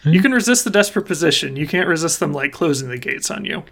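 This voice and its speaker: Gravelly game master, rambling easily. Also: mid-range voice, fast talker. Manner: relaxed, rambling with many fillers. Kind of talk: narrating a tabletop game.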